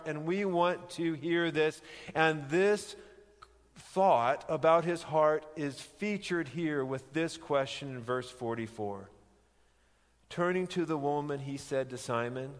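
A male preacher delivering an animated sermon, his voice sitting a little high for a man. He acts out the quoted lines and slows down on key words, often restarting his sentences. A long reverb hangs on every word, as in a large hall. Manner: animated storytelling, acting out quoted lines with rising pitch; frequent restarts, slows down for emphasis.

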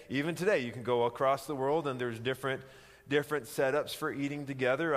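Male preacher, slightly raised pitch, unhurried emphatic teaching, long hall reverb. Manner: conversational teaching, rhetorical questions, emphatic. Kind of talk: sermon.

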